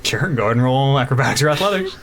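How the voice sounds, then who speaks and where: A man running a tabletop game as dungeon master, explaining rules in a halting way with frequent restarts. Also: mid-range voice, lively intonation, heavy background noise. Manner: halting, lots of uhs and restarts.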